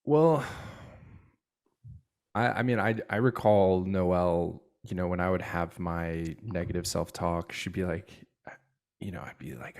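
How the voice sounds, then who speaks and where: A man co-hosting a podcast, chatting in a relaxed, casual way and swearing freely. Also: low voice, a little slow. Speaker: podcast co-host.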